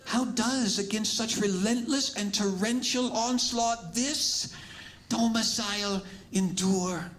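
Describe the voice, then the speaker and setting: A man's voice: sits high, a bit bright, rough recording. A man on stage voicing two panicked piglets who speak in flowery archaic English. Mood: frantic. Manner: pompous, flowery and hurried.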